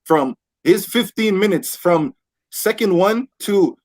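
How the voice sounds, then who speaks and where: A man telling a wild story on a casual podcast with friends, animated and swearing, acting out what people said. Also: high-pitched, slow. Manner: animated, swears a lot, acts out quotes. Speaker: podcast host. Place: indoor podcast room with friends.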